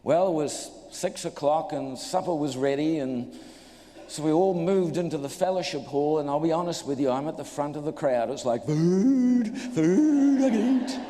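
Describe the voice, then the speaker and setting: Here a New Zealand man, new on this clip, delivers a funny testimony from the pulpit with a voice on the high side and a moderate pace. He acts out characters and banters with listeners, while hall reverb echoes around him and a little hiss or hum sits underneath.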